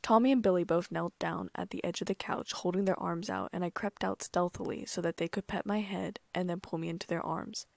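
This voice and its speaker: A woman narrating a first-person audiobook in a calm, even storytelling manner. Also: on the low side, fairly quick, vocal fry, few pauses, no echo.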